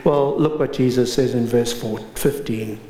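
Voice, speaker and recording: A man preaching a sermon. He tells a story with dramatic swings between raised and hushed delivery. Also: medium pitch, moderate pace. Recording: roomy echo.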